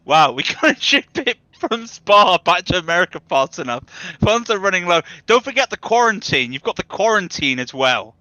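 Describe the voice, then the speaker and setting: A man's voice: sits high, very animated, moderate pace, bright, forceful tone, no echo. A man commentating a sim race broadcast in a chatty, jokey way, laughing easily.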